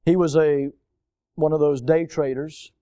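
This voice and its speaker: An older man preaching a sermon in a church, animated, with mocking voices for the people he quotes. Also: fairly high pitch, measured pace, no room sound. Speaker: pastor.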